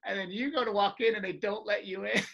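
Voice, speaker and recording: A woman's voice: mid-range voice, quick pace, vocal fry, highs cut off. A woman hosting a podcast, telling a story in a casual chat and acting out the lines people said. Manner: animated, acts out quoted lines. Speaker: podcast host.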